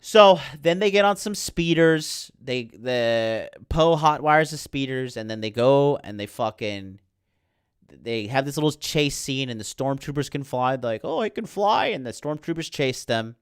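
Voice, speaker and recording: A man's voice: mid-range voice, measured pace, clean tone, no echo, clean studio sound. A man hosting a podcast, ranting about a film in a heated, sarcastic way full of swearing. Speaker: podcast host.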